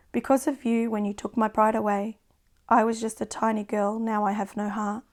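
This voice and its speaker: Woman poet, own book, reads low-key with little pitch movement; subdued, measured. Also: darkish tone. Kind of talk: poetry reading.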